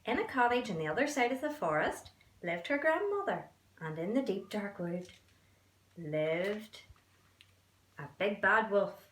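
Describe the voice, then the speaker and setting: A preschool teacher reading a storybook aloud to young children in a gentle, expressive way. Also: female voice, mid-range voice, measured pace, a little hiss or hum. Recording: roomy echo.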